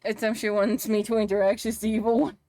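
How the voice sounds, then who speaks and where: A woman's voice: on the high side, level tone, fast, dark tone, no echo. A woman with a Spanish accent chatting casually on a live stream while she works, giggly and swearing playfully. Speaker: VTuber streamer and model rigger.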